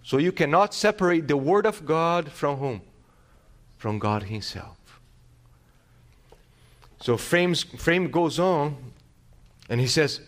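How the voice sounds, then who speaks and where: A man preaching a sermon in a somewhat high voice. He teaches through rhetorical questions and restarts his phrases. He swings between loud emphatic lines and slow, quiet ones. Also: very animated. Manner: emphatic, varies loudness and pace widely. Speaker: pastor.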